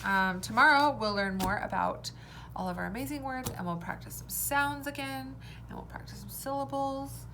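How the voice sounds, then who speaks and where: A woman teacher giving a recorded phonics lesson for young children, sounding out words slowly and clearly, letter by letter. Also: sits high, background noise.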